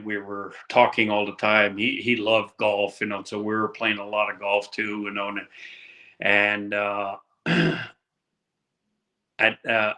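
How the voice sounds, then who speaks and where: A man in his sixties, a podcast guest telling stories in a halting way, with many fillers and restarts, and laughing often. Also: fairly low pitch, sharp tone. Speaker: podcast guest, former pro hockey player. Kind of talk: casual storytelling interview.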